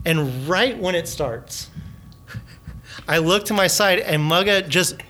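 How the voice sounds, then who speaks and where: A man co-hosting a casual podcast, recounting a story in an animated way. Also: slow pace. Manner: animated, quotes himself in a higher voice. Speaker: podcast co-host. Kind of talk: casual chat.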